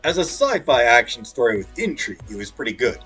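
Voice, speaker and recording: With faint music behind him, a man plays a video game and reads its lines in character voices, slipping in jokey asides. His medium-pitched voice is husky and sharp, with big pitch swings and a quick pace.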